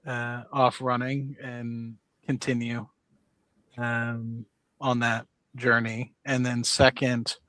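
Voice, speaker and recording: Bright-voiced man, measured and dry. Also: medium pitch, flat delivery, no room sound, poor audio. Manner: measured, with many fillers. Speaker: stream host. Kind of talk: casual chat.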